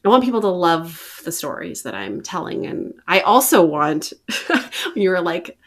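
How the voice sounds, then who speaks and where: A woman in her thirties, a mother and podcast co-host, talking earnestly and reflectively with some halting restarts. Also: on the low side, big pitch swings. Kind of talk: casual chat.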